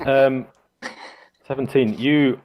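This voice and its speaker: A man's voice: mid-range voice, steady tone, slow, muffled recording. A man narrating as game master of a tabletop game, hesitant, with many fillers and restarts.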